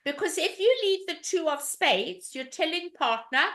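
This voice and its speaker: Casting: woman card-game teacher, high bright voice, chatty, quizzes the class as she plays the hand. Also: animated, moderate pace. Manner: chatty, asks the class rhetorical questions. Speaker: bridge teacher. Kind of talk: live online lesson.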